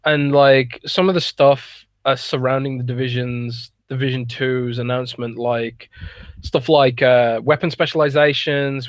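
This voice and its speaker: A man's voice: medium pitch, no room sound. A man co-hosting a casual gaming podcast, talking in an easygoing, rambling way. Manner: easygoing, rambling, laughs often. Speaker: podcast co-host.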